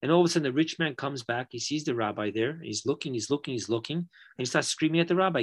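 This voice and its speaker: Animated man teaching a Torah lesson. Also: mid-range voice, quick pace, hardly any pauses. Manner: animated, emphatic storyteller.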